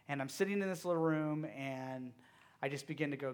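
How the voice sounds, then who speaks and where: A man preaching to a youth group as their pastor. He asks the audience direct questions and swings between loud emphasis and hushed, quiet moments. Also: on the high side, fairly quick, smooth. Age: young adult or middle-aged father of a toddler. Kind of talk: sermon.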